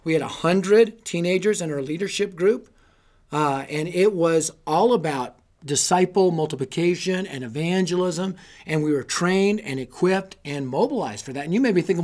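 A man giving an energetic, sermon-style talk to youth leaders, telling stories and rallying them with repeated calls. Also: fairly high pitch, moderate pace. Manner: energetic storytelling with repetition; exhorting, rallying listeners. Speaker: youth ministry speaker.

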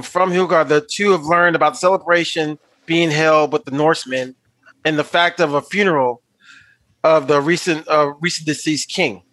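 A man hosting a casual podcast, recapping a film in a halting way with fillers and restarts. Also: a little high, fairly bright tone, no room sound, low-quality recording. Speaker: podcast host.

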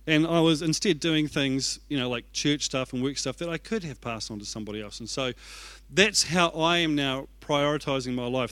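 A man's voice: a little high, fairly bright tone, no room sound. A young man preaching a sermon as an executive pastor, telling stories in a chatty, self-deprecating way. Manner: conversational, self-deprecating storytelling.

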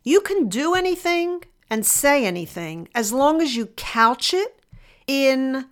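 Higher-voiced woman giving a pointed podcast monologue. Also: very animated. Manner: measured, pointed storytelling. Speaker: podcast host.

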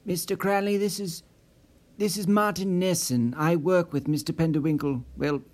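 A man's voice: a little high, steady tone, moderate pace, darkish tone, close to an everyday voice. A man voicing a nervous male office supervisor who stammers and hesitates, raised a little above his own voice. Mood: flustered.

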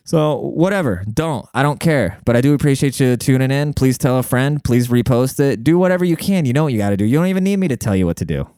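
A man's voice: animated, fast, few pauses, warm tone, clean tone, no echo, studio quality. Brash, profane podcast host man. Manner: brash, profane, rambling with many fillers; jumps high in pitch when acting out quotes. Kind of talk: casual solo podcast monologue.

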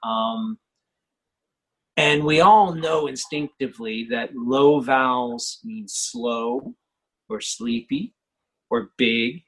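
A male professor lecturing on how poems are built, speaking slowly and with care. His voice is husky and a little rough, and he keeps asking "right?" as he goes. The delivery is relaxed and conversational, with plenty of pauses and fillers. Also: medium pitch, poor audio. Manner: thoughtful, often checks in with "right?", many fillers. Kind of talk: lecture on poetry craft.

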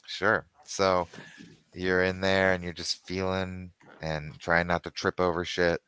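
Deep-voiced, bright game master. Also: male voice, completely flat delivery, slow pace, clean tone. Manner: casual, descriptive storytelling. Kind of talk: narrating a tabletop game.

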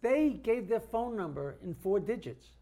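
Older long island guy, rambly storyteller, high gravelly voice. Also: sing-song, normal speed, mellow. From Long Island, New York. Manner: rambling storyteller, laughs mid-story, restarts often. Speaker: co-host. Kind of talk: casual reminiscing chat.

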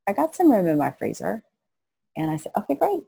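Telling her stories with animation, a middle-aged missionary guest in an interview acts out the people she quotes. She speaks brisk and low-pitched, with vocal fry and a slightly rough quality.

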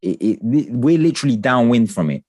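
A man in casual political chat, talking with passion, swearing and ranting in an animated way. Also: medium pitch, fairly quick, no echo, studio quality. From England.

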